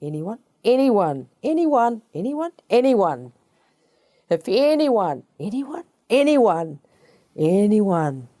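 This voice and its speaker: A woman preacher voicing Jesus as a man calling out loudly to a crowd from a riverbank. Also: sing-song, slow. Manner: yelling, high and far-carrying calls.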